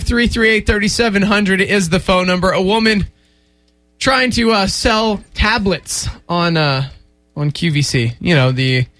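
A man's voice: fairly high pitch, a bit bright, no room sound. A man hosting a morning radio show in the studio, joking around casually and laughing often. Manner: jokey, quick, laughs often. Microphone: studio microphone.

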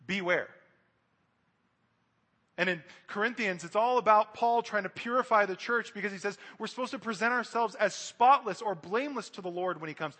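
High, bright-voiced male preacher. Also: a little fast, hardly any pauses, in a large hall. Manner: earnest, direct, addresses the congregation. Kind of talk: sermon.

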